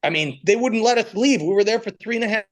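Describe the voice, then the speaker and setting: A man, a comedian, chatting in an interview as an animated storyteller. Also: high voice, quick pace. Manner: animated storyteller, breaks into voices. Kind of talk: casual interview chat.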